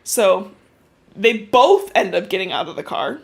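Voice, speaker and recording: A woman hosting a podcast, recapping a book in casual, animated storytelling full of swearing and "like"s. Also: medium pitch, a little slow, vocal fry, slightly rough. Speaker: podcast host.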